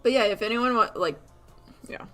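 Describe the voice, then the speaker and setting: A woman chatting casually while she draws on a live stream, rambling and animated, laughing often and filling her talk with "like". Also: fairly high pitch, moderate pace, soft background music. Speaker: artist streamer.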